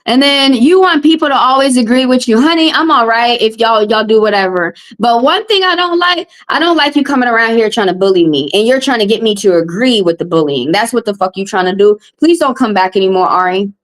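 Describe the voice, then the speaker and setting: A woman tarot reader from the American South, hosting a live stream and venting at her chat. Her voice sits slightly high, and she is upset and confrontational and circles back over the same points. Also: expressive, a little fast, hardly any pauses. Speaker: tarot reader and livestream host. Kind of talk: heated live-stream rant.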